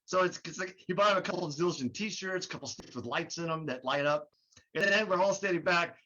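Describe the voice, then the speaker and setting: Bright-voiced man telling a story. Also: on the high side, brisk. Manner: animated, laughing, acts out quotes. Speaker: guest. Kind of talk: casual storytelling. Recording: muffled with faint noise.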